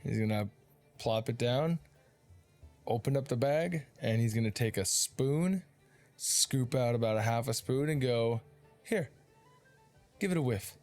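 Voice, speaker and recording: A man runs a tabletop game in a loose, casual storytelling manner, his pitch sitting in an ordinary middle range. Faint music plays softly behind him. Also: unhurried. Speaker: dungeon master.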